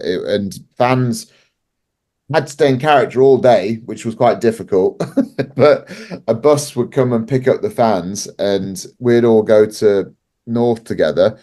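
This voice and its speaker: Fairly low-pitched and a bit mellow, this man's voice belongs to a wrestling promoter guesting on a podcast. He spins stories in a chatty way, laughs often, and leans heavily on the filler "like."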